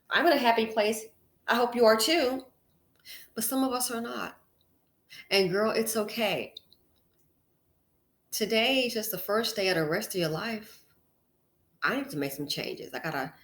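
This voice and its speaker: A woman's voice: mid-range voice, fairly bright tone. A woman hosting a casual commentary vlog, talking frankly and chattily straight to her female viewers. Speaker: channel host. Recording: echoey room.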